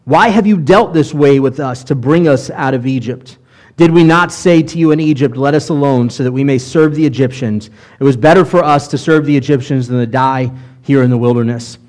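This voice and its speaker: A middle-aged man preaching as a rabbi, his voice sitting a little high for a man. He moves between steady scripture reading and animated, punchy emphasis, pushing loud on key phrases. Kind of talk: sermon.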